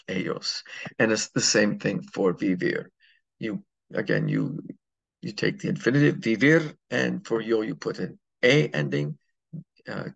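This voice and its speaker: A Spanish teacher leads a classroom grammar lesson, going through examples step by step and frequently asking "okay?" to check understanding. His voice is fairly low, with vocal fry, a slightly bright tone and a breathy edge.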